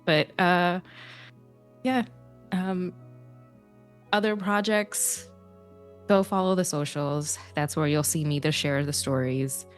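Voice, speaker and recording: A woman player giving a hesitant, halting farewell, close to tears, with many pauses and ums. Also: lowish voice, little pitch movement, smooth, soft background music. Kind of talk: emotional outro chat.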